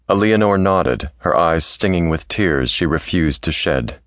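A male narrator reads a historical romance with a very low voice. His telling is smooth and even, recorded dry and close to the mic. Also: unhurried, no echo. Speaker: audiobook narrator.

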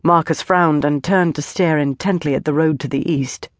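A woman narrating an epic fantasy audiobook in a steady, measured way. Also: low-pitched, dry recording, studio quality.

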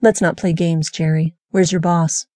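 A woman's voice: fairly low pitch, flat delivery, moderate pace, mellow, no room sound, studio quality, close to an everyday voice. A woman voicing a tough, no-nonsense female police officer who talks in a firm, direct way.

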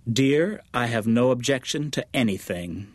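A man's voice: medium pitch, lively intonation, unhurried, no room sound. A man doing a serene, gracious landlady. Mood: cheerful. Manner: cheerful and easygoing. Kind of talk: audiobook character voice.

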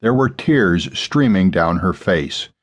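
A man narrating a dramatic novel in a measured, deliberate delivery. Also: low-pitched, animated, slightly rough. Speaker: audiobook narrator. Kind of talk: scripted fiction narration.

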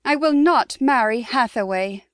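A woman's voice: a little high, expressive, measured pace, fairly bright tone, dry recording, clean studio sound. A woman voicing a defiant, fiery young noblewoman in an audiobook, speaking indignantly. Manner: indignant, emphatic. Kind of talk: audiobook character voice.

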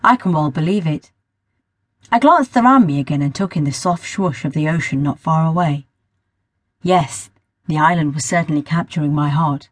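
A woman narrates a first-person story for an audiobook at a measured pace. Her voice has a soft husky edge. It is recorded on a close mic in a dry, dead room. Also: low-pitched, dry recording. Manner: measured storytelling, sometimes rereading a line.

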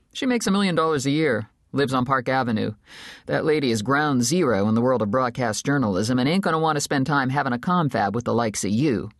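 A woman's voice: extremely low pitch, no room sound, clean studio sound, heavily acted. A woman voicing a sardonic, street-talking male news cameraman in an audiobook.

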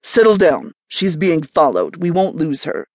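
A woman's voice: low-pitched, very animated, measured pace, no echo, exaggerated voice. Audiobook lead man: a woman reading a level, controlled operative with a dry edge. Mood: firm. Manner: level, controlled, quietly threatening. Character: calm, firm man leading a covert team.

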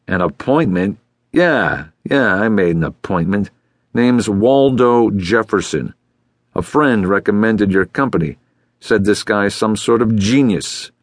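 A man voicing a gruff, nervous middle-aged male client who talks in a brusque, impatient way, in an audiobook. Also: lowish voice, animated, a little slow, dry recording. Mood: scornful. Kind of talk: audiobook character voice.

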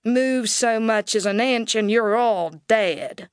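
A woman's voice: a little high, slow, clear, resonant tone, dry recording, studio quality. A woman reading the lines of a commanding frontier marshal in an audiobook. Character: gruff frontier marshal barking orders.

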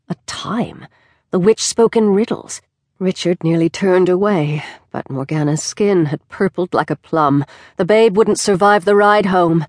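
A woman narrating a historical romance in a measured, expressive way. Her voice sits a little low and is recorded dry and close in a studio, with no room sound. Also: dry recording. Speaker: audiobook narrator. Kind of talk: scripted narration. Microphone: close studio mic.

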